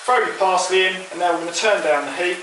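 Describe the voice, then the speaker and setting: A high-voiced man chats through a recipe, explaining each step in an easy, friendly way. He is heard from a distance in a very echoey kitchen. Pots and dishes clink faintly behind him. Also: fast talker, noisy background. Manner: chatty, explains as he cooks. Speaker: cooking show host. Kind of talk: casual cooking demonstration. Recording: roomy kitchen echo, distant mic.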